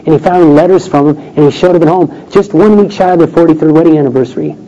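A man's voice: on the high side, fast. Man telling a story in a sermon. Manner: animated storytelling, acts out quoted voices. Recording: dull lo-fi recording with faint noise.

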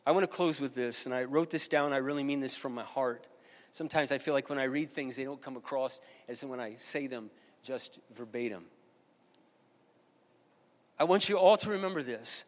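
A man's voice: mid-range voice, moderate pace. Earnest man preaching in a reverberant hall. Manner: earnest, emphatic, repeats key phrases. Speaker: pastor. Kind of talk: sermon.

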